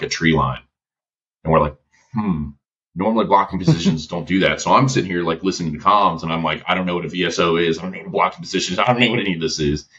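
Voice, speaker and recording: Brief: very low male guest voice, slangy storyteller, dull lo-fi sound. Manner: slangy, lively, quoting others in his stories. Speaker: podcast guest, former gunship gunner. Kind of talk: casual storytelling interview.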